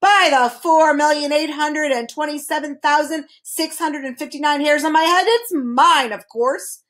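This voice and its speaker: A woman's voice: sits high, expressive, fast talker. A woman voicing a proud, blustering male wizard of numbers who speaks in grand declarations. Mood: bellowing.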